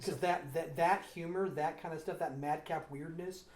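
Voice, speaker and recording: A man chatting casually on a podcast, telling an animated story and acting out scenes in goofy voices. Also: a little high, moderate pace, reverberant. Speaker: podcast co-host. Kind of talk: casual chat.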